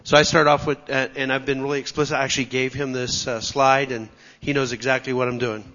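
A man's voice: medium pitch, level tone, quick pace, bright, forceful tone, long reverb tail, dull audio. A man giving a teaching talk at church, explaining step by step in a methodical way. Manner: explanatory, methodical, clears throat.

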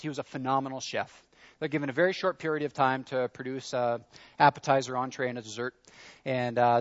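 A man's voice: a little high, highs cut off. A man preaching a sermon in an earnest, conversational way, leaning into his questions. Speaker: pastor.

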